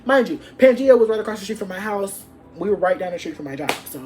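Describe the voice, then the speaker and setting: A young adult woman vlogger telling an animated, profane story from her past and acting out what people said. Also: mid-range voice, fast, soft background music. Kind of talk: storytime vlog.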